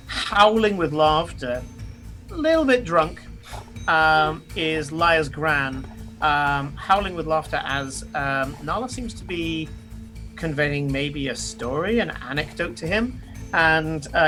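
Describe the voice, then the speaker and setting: Bright-voiced man narrating a game. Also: fairly high pitch. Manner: descriptive, with frequent fillers. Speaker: game master.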